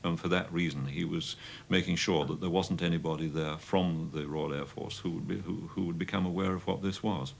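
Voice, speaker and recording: A man speaks in a very deep voice with a gravelly edge. His delivery is measured, broken by hesitant fillers. A faint hiss runs under it. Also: fairly even intonation. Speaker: interviewee. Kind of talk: documentary testimony.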